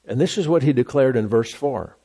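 A man's voice: medium pitch, fairly quick, warm tone, husky. A man preaching a sermon, emphatic, repeating phrases and restarting mid-sentence.

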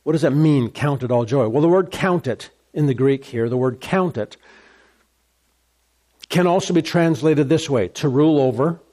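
Guy preaching, kinda high voice, keeps repeating phrases, gets fired up. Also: normal speed. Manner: emphatic preaching, repeats key phrases, rises high when excited. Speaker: pastor. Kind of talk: sermon.

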